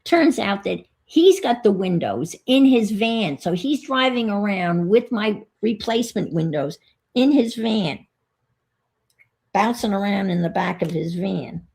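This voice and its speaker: A woman with a mid-range, gravelly, slightly mellow voice speaks a little slowly, her intonation lively. On her vlog she chats casually while working on a craft, thinking aloud and telling an exasperated story.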